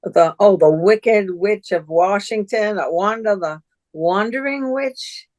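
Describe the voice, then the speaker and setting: A woman's voice: mid-range voice, slow, darkish tone, dry recording, studio quality. A woman artist, a podcast guest, chatting casually and recalling old times with a friend. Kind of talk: casual conversational interview.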